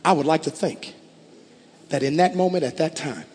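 A male pastor preaching with passion, his fairly high voice swelling into loud declarations. His words ring out with a long reverb, as in a large church sanctuary. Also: moderate pace. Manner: impassioned, rising to loud declarations. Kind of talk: sermon.

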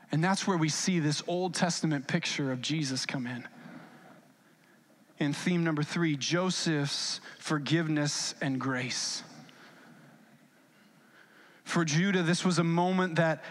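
A man with a fairly high voice delivers a sermon in a warm-hearted, conversational tone. He slips into lively character voices for the scripture he retells, with small stammered restarts along the way. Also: a little slow. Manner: earnest, acts out biblical quotes in lively voices. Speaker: pastor.

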